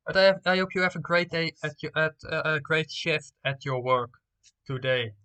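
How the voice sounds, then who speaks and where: A man's voice: a little high, bright, forceful tone, smooth. A young man streaming live, reading out game results and talking playfully to his viewers. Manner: playful, talks straight to viewers.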